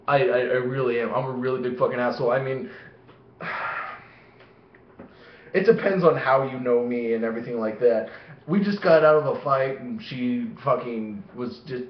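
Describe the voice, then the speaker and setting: A man telling rambling, profane stories to the camera, often laughing at his own tales. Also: medium pitch. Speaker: vlogger. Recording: echoey room, dull lo-fi sound.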